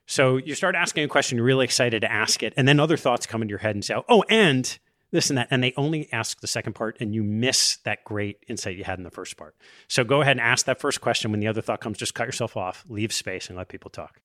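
A middle-aged man hosting a podcast, explaining ideas in a lively conversational way with quoted asides. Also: mid-range voice, fast, no room sound, studio quality. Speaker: podcast host interviewing investors.

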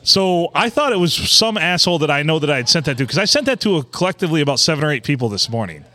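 Guy hosting a bar podcast, jokey storyteller, bright voice, bouncy pitch. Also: fast. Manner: joking, animated storyteller. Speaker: podcast host. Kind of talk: casual chat.

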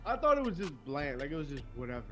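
A brash man in casual chat who swears freely and leans on slang. His voice is very bright and high, with lively jumps in pitch. Faint music sits in the background. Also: very fast.

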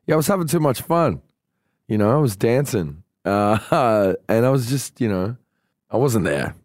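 A man's voice: mid-range voice, sing-song, moderate pace, darkish tone, no echo, clean studio sound. A man co-hosting a podcast, chatting casually with joking, self-mocking banter. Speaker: podcast co-host. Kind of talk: casual chat.

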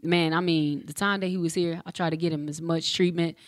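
Speaking briskly in a lowish voice, a former pro basketball player in her forties casually recounts something from her own life. She animates it by performing the dialogue in slang, captured in a dry, studio-quality recording.

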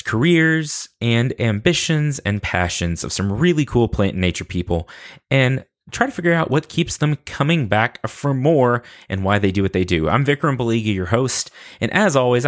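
A young man hosting a podcast, chatting casually in a goofy, self-deprecating way. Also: medium pitch. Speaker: podcast host.

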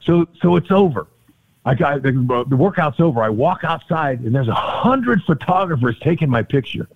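A man's voice: fairly high pitch, sing-song, moderate pace, gravelly. An older man, a former ballplayer, telling stories as a podcast guest, acting out the quotes with big jumps in his voice. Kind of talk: storytelling in a casual interview. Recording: tinny phone-like line.

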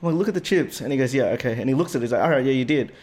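An Australian man with a middle-pitched voice tells a story in casual podcast chat. He is animated and swears freely. His voice shoots upward whenever something annoys him. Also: racing. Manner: animated, swears a lot, voice jumps up when indignant. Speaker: podcast co-host.

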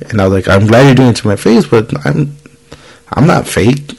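A man's voice: fairly low pitch, animated, brisk, vocal fry, breathy edge, rough recording. A man in his thirties hosting a podcast, telling a story in casual chat, swearing freely and acting out the people he quotes. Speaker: podcast host.

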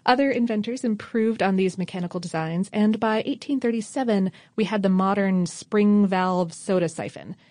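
A woman co-hosts a casual history chat, working through dates and inventions with wry, offhand remarks. Her pitch sits mid-range for a woman. The sound is dry and close, with no room around it. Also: normal speed, few pauses, darkish tone, no room sound. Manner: wry, reads facts with offhand asides. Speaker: podcast co-host.

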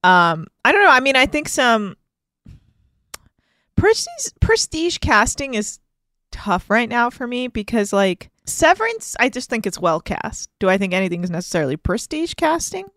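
A woman's voice: a little high, very animated, normal speed, fairly bright tone, dry recording, clean studio sound. A woman co-hosting a podcast as producer, chatting casually in a playful, opinionated way. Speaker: producer and co-host. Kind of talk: casual chat.

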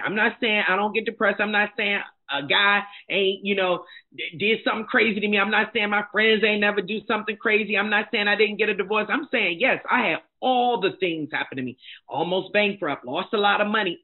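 Middle-aged woman, husky voice, blunt candid storytelling, tinny phone-line sound. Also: medium pitch, a little fast. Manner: emphatic, blunt and animated. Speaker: guest, life coach and motivational speaker. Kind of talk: candid personal storytelling in conversation.

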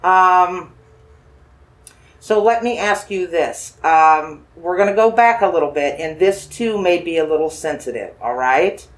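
A spirit is being gently questioned by a paranormal investigator working with dowsing rods. The medium-pitched voice is animated, coaxing and reassuring, repeating phrases and slowly asking yes-or-no questions.

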